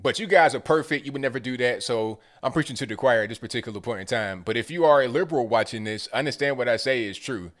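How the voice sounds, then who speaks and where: A man's voice: medium pitch, fast, hardly any pauses, fairly bright tone. A male call-in show host with a mid-range voice. He talks in a loose, chatty way, drifting into offhand asides before taking the next caller. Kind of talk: casual call-in talk.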